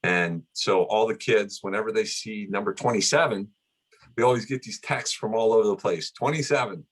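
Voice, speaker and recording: Middle-aged man, lower voice, casual rambling interview talk, lots of restarts and fillers. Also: steady tone, moderate pace. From United States. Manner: rambling, many restarts and "you know". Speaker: guest, son of the honoree.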